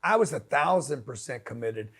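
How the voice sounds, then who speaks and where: A man's voice: medium pitch, expressive, normal speed, fairly bright tone, breathy edge. A man giving a blunt, slangy motivational talk, punchy and direct, often acting out quoted voices. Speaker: motivational business speaker.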